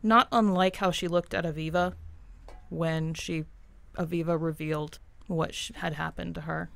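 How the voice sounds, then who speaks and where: Gravelly-voiced player in a game. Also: medium pitch, fairly even intonation, moderate pace, fairly bright tone. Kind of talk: tabletop role-play.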